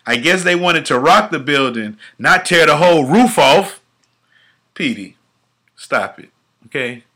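A man's voice: a little high, animated, measured pace, bright, forceful tone. A married man co-hosting a podcast, bantering loosely with plenty of laughter and profanity, his words often trailing off into mumbles. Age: adult, married. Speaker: podcast co-host. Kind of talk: casual podcast chat.

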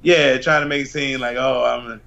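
A man's voice: mid-range voice, steady tone, fairly quick, vocal fry, fairly bright tone, muffled recording. A man co-hosting a podcast, talking in a laid-back, profane, laughing way. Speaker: podcast co-host. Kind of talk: casual chat.

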